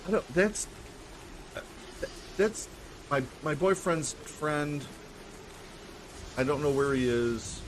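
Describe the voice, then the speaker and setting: Man doing a fretful young woman, higher voice, rambling, tabletop game. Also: animated, takes it slowly, pauses often, a little hiss or hum, low-quality recording. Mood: worried. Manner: anxious, rambling. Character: worried young woman waiting for her boyfriend.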